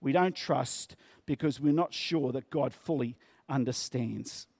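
A man preaching a sermon, speaking in a measured way and stretching key words for emphasis. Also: mid-range voice, darkish tone, husky, dry recording, studio quality.

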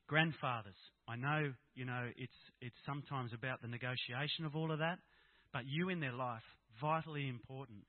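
Addressing an audience of Christian fathers, a middle-aged Australian man gives a frank, plain-spoken personal talk in a medium-pitched voice. There's no room sound; the audio is tinny and dry, like a phone.

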